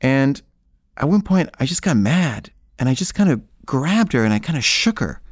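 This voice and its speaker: A man's voice: medium pitch, sing-song, moderate pace, dry recording, clean studio sound. A man casually telling a personal story in the first person, rambling and conversational, with frequent filler words.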